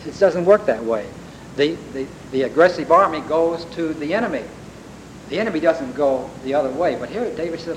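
A man's voice: on the high side, animated, moderate pace, rough recording. A man preaching a sermon, retelling a story with emphatic rises and repeated words. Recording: faint background hiss.

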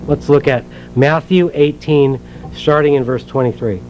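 A man's voice: fairly high pitch, a little slow, darkish tone, highs cut off, a little hiss or hum. A man preaching a sermon in a conversational way, asking the congregation questions and reading scripture aloud. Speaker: pastor.

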